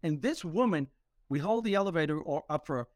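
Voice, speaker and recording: A man hosting a podcast, telling stories with humor in an animated, motivational way. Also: a little high, fast talker, no echo, studio quality. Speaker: podcast host. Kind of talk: motivational storytelling talk.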